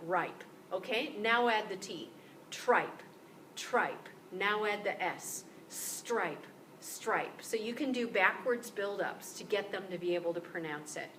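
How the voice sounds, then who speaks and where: A woman instructor talks through a recorded lecture in an explanatory way, often restarting phrases and filling pauses. Her voice sits a bit back from the microphone, with a faint steady hiss underneath. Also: mid-range voice. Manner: explanatory, frequent fillers and restarts. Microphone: screen-capture recording, mic at some distance. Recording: distant mic with faint background hiss.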